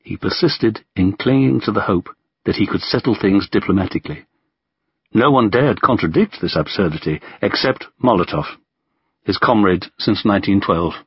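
Low, husky-voiced male audiobook narrator. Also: no echo, highs cut off. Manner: measured, lifts his voice for quoted speech.

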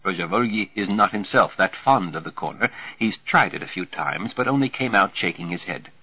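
A man narrating a novel aloud in a dry, wry, steady manner. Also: sits low, moderate pace, husky, no room sound. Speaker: audiobook narrator. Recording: dull lo-fi recording.

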